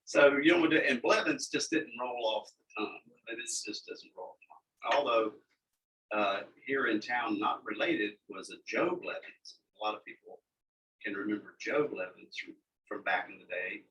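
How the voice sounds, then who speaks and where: A man's voice: lowish voice, lively intonation, moderate pace, pushed and bright. A man, a longtime radio DJ telling stories in a casual, folksy chat. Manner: folksy storyteller. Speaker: radio DJ guest. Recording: distant mic with faint background noise.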